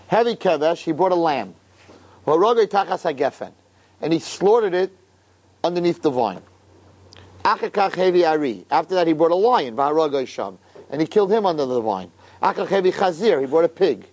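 A rabbi teaching a lively class to people gathered in a room. His voice is a little higher than average, and he keeps asking his listeners questions in an animated, storytelling way. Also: moderate pace. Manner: animated, full of rhetorical questions. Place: room with an audience.

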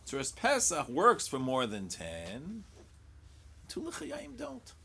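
Animated man teaching Talmud. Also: on the high side, slow pace, gravelly. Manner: animated, full of rhetorical questions, repeats words as he thinks aloud; mixes English with Hebrew and Aramaic study terms. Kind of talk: Talmud study lecture.

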